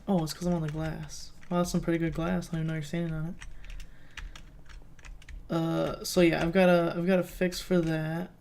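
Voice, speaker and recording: A man talks through his game in a loose, rambling let's play commentary, thinking out loud as he goes. His voice sits flat with little rise and fall, and a gravelly fry runs under it. Faint noise hums behind him at the desk mic. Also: a little high, fairly quick. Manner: rambling, thinking aloud as he plays. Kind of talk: casual gameplay commentary.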